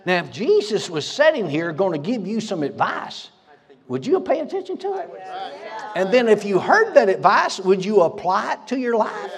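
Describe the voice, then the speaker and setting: A man's voice: high-pitched, huge pitch swings, normal speed. A man preaching a sermon as pastor, fiery and folksy, laughing between lines in a church. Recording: reverberant church hall.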